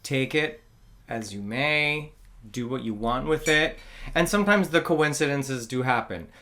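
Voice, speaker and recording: A man talking casually as an astrologer guest on a podcast. He is jokey and animated, swinging from loud bursts to hushed asides. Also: mid-range voice, unhurried.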